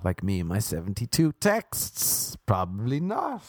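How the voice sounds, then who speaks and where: A man's voice: on the low side, huge pitch swings, unhurried, husky, no room sound, studio quality. An Irish man rambling through a comic story, loose, profane and self-mocking. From Ireland.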